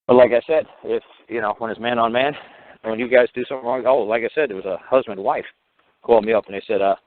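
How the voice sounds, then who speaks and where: A man's voice: medium pitch, fast, dry recording. A man hosting a call-in radio show, talking in a blunt, heated, profane and rambling way. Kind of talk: blunt radio talk with retold calls. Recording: tinny phone-like line, dry.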